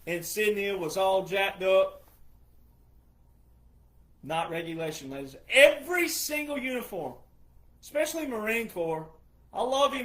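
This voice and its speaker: A man's voice: sits high, fairly bright tone. A man who is a retired veteran, giving an emphatic monologue full of repetition and rhetorical questions. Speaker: retired military veteran commentator.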